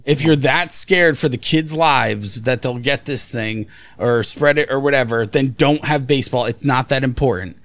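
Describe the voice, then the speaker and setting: A man's voice: mid-range voice, normal speed, few pauses, fairly bright tone, no room sound. A man co-hosting a casual podcast chat, blunt and profane with strong opinions. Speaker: podcast co-host.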